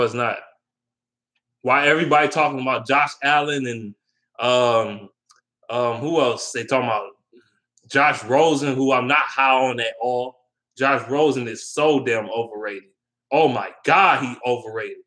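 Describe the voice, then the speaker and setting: A young man with a bright, forward voice talks sports off the cuff. He rambles from one opinion to the next, slangy and loose, full of ums and restarts, in a middle-pitched voice. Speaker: sports vlogger. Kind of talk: casual sports talk.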